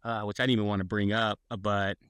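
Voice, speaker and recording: A man's voice: fairly low pitch, level tone, fast, a bit bright, clear, resonant tone, no room sound, studio quality. A man co-hosting a podcast, telling a long story in casual chat and acting out the quotes. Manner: rambling storyteller, acts out quotes. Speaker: podcast co-host.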